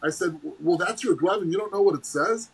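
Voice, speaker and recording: A middle-aged man with a husky, slightly high voice tells stories as a podcast guest. He is animated and acts out every quote, leaping up in pitch and laughing at himself. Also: quick pace, low-quality recording. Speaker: guest, former baseball player. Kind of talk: casual storytelling.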